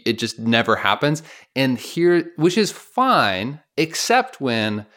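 A man's voice: mid-range voice, a bit bright. A man co-hosting a podcast in casual chat, joking and self-deprecating, acting out little everyday scenes as he talks. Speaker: podcast co-host.

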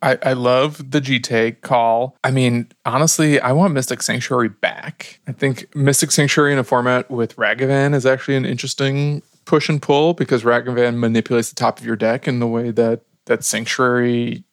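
A man's voice: medium pitch, steady tone, moderate pace, few pauses, no room sound, studio quality. A man co-hosting a casual podcast, speaking in an enthusiastic, playful way. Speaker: podcast co-host.

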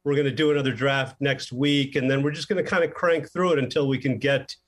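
A man being interviewed as a film director, telling stories in a casual, animated way and acting out the lines he quotes. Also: medium pitch, brisk. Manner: animated storyteller who acts out quoted lines.

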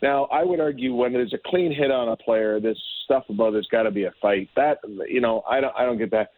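A man's voice: medium pitch, a little fast, dry recording. A man guesting on a radio show, speaking bluntly in a casual, opinionated way with lots of restarts. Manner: blunt, talks in run-on restarts. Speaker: hockey historian guest. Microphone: phone call. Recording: tinny phone line, dry.

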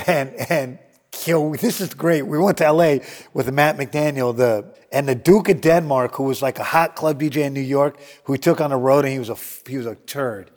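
A man's voice: mid-range voice, normal speed, a little mellow, long reverb tail. A man telling a story in a casual interview, acting out quotes, laughing often and swearing freely. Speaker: guest storyteller.

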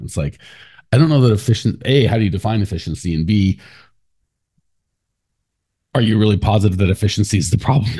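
Lowish-voiced guy hosting a podcast, chatty, rambly, laughs a lot. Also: dark tone, slightly rough. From United States. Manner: loose, talky, laughs often, lots of fillers. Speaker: podcast host. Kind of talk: casual podcast chat.

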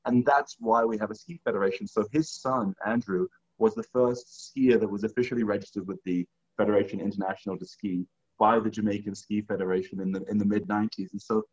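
A man in conversation telling a long story with lively acted-out quotes. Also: fairly low pitch, fast, breathy edge, lo-fi sound. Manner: animated, acts out quoted dialogue. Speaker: guest, skier.

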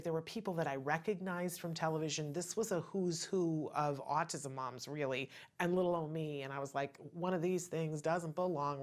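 A middle-aged woman hosting a show, talking in a chatty, earnest way with many asides. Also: sits low. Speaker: podcast host. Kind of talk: casual personal talk show monologue.

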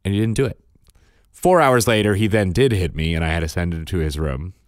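A man's voice: low voice, brisk, no room sound, studio quality. A man, a father, telling a parenting story in casual chat, matter-of-fact in tone. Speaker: podcast co-host and father.

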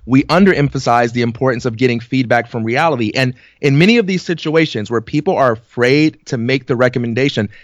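A man chatting on a podcast, his voice sitting a bit high for a man and recorded dry and close. He tells stories in a casual way and acts out the back-and-forth of conversations. He laughs easily as he talks. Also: no room sound. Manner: storytelling, acts out quoted exchanges; reflective, laughs often. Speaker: podcast co-host.

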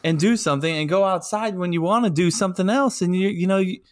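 A man's voice: high-pitched, quick pace. A man co-hosting a casual podcast, laughing a lot and ranting with heavy swearing. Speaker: podcast co-host.

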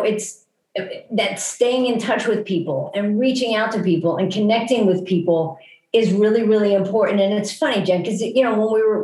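A woman co-hosts a podcast and speaks earnestly, feeling her way through her thoughts. Her pitch is middling. The sound has a noticeable room echo. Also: darkish tone. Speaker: podcast co-host. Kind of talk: casual podcast chat.

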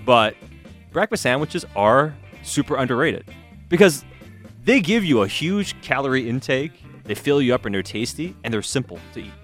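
A man co-hosting a casual podcast chat, joking and animated, often restarting his sentences. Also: medium pitch, moderate pace, soft background music. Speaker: podcast co-host.

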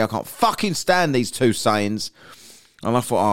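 A man's voice: medium pitch, sing-song, measured pace. A man hosting a podcast, ranting crudely and sarcastically in casual chat. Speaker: podcast host.

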